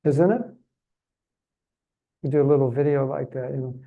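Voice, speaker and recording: A man's voice: mid-range voice, steady tone, normal speed, creaky, long pauses, narrow, tinny audio. A man giving a religious seminar talk in a chatty, humorous, self-deprecating way. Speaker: seminar speaker.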